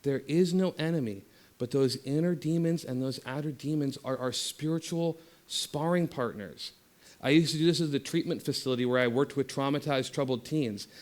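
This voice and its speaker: A man speaking as guest speaker at a spiritual center, giving an impassioned talk that swings from loud exhortation to soft meditation guidance. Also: mid-range voice, moderate pace.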